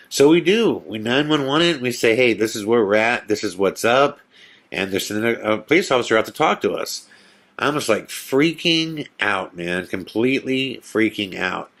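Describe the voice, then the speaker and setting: A man hosting a podcast, telling a tense personal story in a casual, animated way and acting out the quotes. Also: normal speed. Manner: animated storyteller, acts out quotes in a whisper and excited high voice. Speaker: podcast host.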